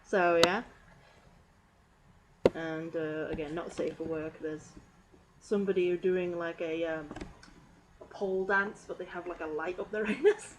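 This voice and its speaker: A woman's voice: fairly low pitch, measured pace, long pauses. A woman streamer giving casual meme review commentary, rambling and giggling with lots of fillers. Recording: steady background noise.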